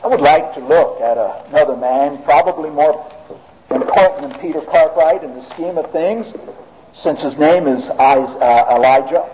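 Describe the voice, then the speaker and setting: A man preaching a sermon emphatically, swinging between raised and hushed delivery. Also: a little high, normal speed, a little hiss or hum. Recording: tinny phone-like audio.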